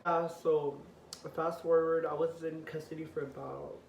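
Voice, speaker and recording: Animated young man in an echoey room. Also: a little high, unhurried, creaky. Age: teens. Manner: animated, profane, acts out quotes with rising outrage. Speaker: vlogger. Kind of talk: storytime vlog. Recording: echoey room, voice a bit off-mic, faint hiss.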